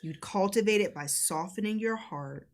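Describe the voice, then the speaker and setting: A woman's voice: mid-range voice, normal speed. A woman co-hosting a casual relationship talk, speaking earnestly and encouragingly and answering viewer questions. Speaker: co-host.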